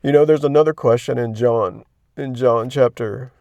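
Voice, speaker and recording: A man hosting his own channel, talking candidly and emotionally about his faith, halting and restarting as he gets worked up. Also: medium pitch, a little mellow, no room sound. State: chronic pain. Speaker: Christian video host. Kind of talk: emotional personal reflection.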